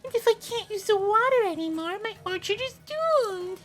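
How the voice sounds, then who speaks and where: A man plays a flustered village woman whose orchard is ruined. She complains in a very high, shrill voice and sounds put upon. She could step out of a fantasy video game. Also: animated, normal speed, fairly bright tone, soft background music. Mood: fretful.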